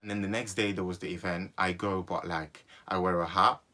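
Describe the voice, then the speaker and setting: A young man, telling a personal story in an animated way for his vlog and repeating phrases for comic effect. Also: low voice, fairly quick, soft background music. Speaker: vlogger.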